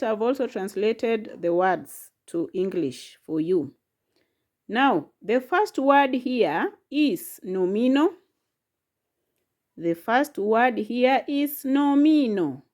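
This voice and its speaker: A woman teaching a language lesson, speaking slowly and patiently, repeating each word and sounding out its syllables one at a time. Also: on the high side, darkish tone. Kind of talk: slow, patient classroom lesson.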